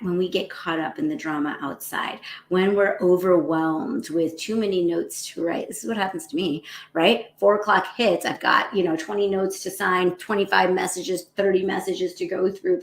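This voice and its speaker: A woman's voice: on the low side, creaky, roomy sound. A woman physician hosting a casual motivational talk, acting out harsh inner voices and often checking in with "right?". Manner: animated, acts out self-critical inner voices, often adds "right?".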